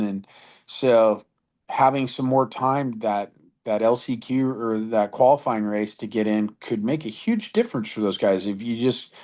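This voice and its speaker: A man's voice: fairly low pitch, a little mellow. A man chatting casually as a podcast guest, laid-back and slangy, with frequent fillers and restarts. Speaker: podcast guest, motocross editor.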